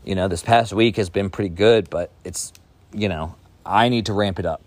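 A man's voice: low-pitched, moderate pace, no echo. A man hosting a podcast, giving a blunt, profane, fired-up motivational rant in casual talk. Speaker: podcast host.

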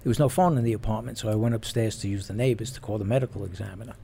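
Laughing storyteller man, low voice. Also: racing, vocal fry, breathy edge. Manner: animated, laughs while telling. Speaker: retired police officer. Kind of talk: casual storytelling.

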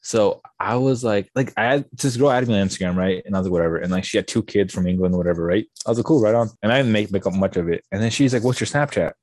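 Fast-talking young man telling a wild story. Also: on the low side. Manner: animated, swearing, acts out quoted dialogue. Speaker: podcast guest. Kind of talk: casual storytelling.

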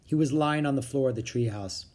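A reader narrating a children's chapter book aloud in a calm, steady storytelling manner. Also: medium pitch, a little fast.

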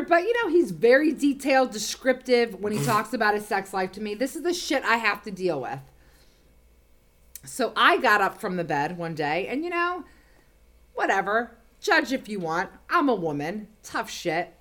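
Animated storytelling woman with lively pitch. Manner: animated storyteller, acts out quotes loudly. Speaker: podcast co-host. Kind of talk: casual chat.

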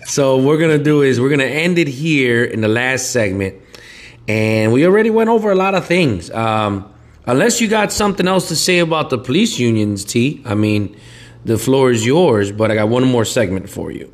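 A man co-hosting a podcast, chatty and eager, steering the talk between segments. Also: medium pitch. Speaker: podcast co-host.

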